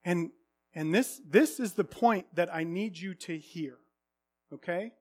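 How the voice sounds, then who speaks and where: A man in his thirties preaching a sermon, earnest, swinging from hushed confession to loud exclamations. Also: high-pitched, a little slow.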